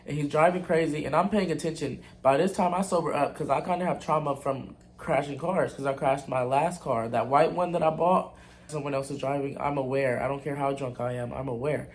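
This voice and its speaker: Blunt young man telling a storytime. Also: a little high. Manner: candid, blunt and profane, talks straight to viewers. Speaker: vlogger. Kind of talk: casual storytime.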